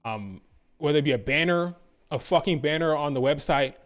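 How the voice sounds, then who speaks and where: Man with a high voice, exasperated profane ranter, sarcastic, heated commentary. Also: brisk. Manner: profane, exasperated ranting with sarcastic mock quotes. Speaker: wrestling commentator. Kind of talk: ranting commentary.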